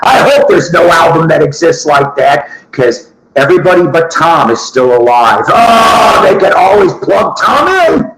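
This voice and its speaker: A high, lively man's voice drags through a crude comedy rant, bursting into loud laughter. He is recorded in an echoey room with heavy noise behind him. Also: measured pace, few pauses. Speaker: show host.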